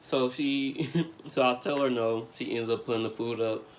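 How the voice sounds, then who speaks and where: A young man vlogging, telling a story in casual slang with lots of fillers, getting animated as he retells it. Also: mid-range voice, moderate pace, slight background noise. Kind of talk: storytime vlog.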